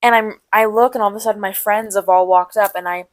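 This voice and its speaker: A young woman in college, co-hosting a podcast, telling a long personal story in a rambling, animated way with quick asides. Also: medium pitch, no room sound. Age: young adult. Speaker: podcast co-host. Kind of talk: casual storytelling chat.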